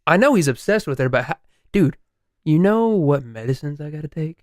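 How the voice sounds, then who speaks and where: A young man co-hosting a podcast, retelling a story in casual chat, animated, swearing and laughing. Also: a little high, fairly quick, no room sound, studio quality. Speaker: podcast co-host.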